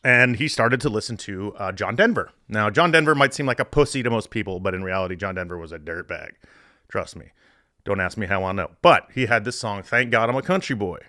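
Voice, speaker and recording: A middle-aged man hosting a sports podcast, telling stories in a profane, animated way. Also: on the low side, brisk, dry recording, clean studio sound. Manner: profane, animated storytelling with laughs. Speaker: podcast host.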